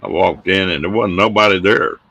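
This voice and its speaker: A middle-aged man with a drawl hosts a casual show and tells tall tales. His voice sits very low, with a bright, forceful tone. He tells his folksy yarns with a laugh close behind. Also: fairly quick, muffled recording. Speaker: host telling stories. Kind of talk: casual storytelling on a live show.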